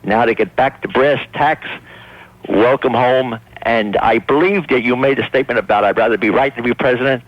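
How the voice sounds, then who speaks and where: A man's voice: medium pitch, moderate pace, dry recording. A man calling a talk radio show, rambling and hesitant while praising the host. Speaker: caller. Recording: dry muffled radio phone call.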